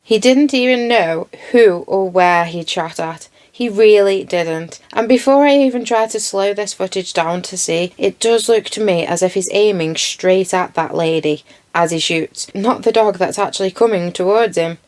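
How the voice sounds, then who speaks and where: A woman's voice: mid-range voice, normal speed, few pauses, darkish tone. A woman giving blunt, indignant commentary over video footage and swearing freely. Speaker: true crime commentator.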